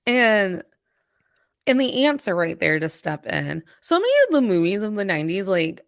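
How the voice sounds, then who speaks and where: A woman with a mid-range voice co-hosts a podcast in casual chat, playful and animated as she tells her stories. The sound is dry and close, with no room around it. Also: mid-range voice, normal speed, gravelly, no room sound. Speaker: podcast co-host.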